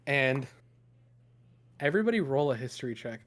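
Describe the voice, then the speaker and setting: A man's voice: mid-range voice, sing-song, moderate pace, fairly bright tone. A man running a tabletop game as game master, narrating loosely with fillers and laughter.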